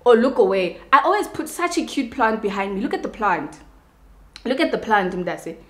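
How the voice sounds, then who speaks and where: A woman's voice: a little high, normal speed. A young South African woman with a Xhosa accent, ranting casually to her viewers while doing her makeup, mixing English with Xhosa and often asking if they understand. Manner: animated, switching between English and Xhosa, asks "you understand?". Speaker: beauty vlogger. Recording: echoey room.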